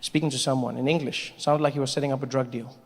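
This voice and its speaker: A man performing a stand-up comedy set before a live audience in a large theater, animated, dropping into mock voices. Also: medium pitch, fast. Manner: animated, slips into mock voices and shouted impressions. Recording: live hall reverb with light noise.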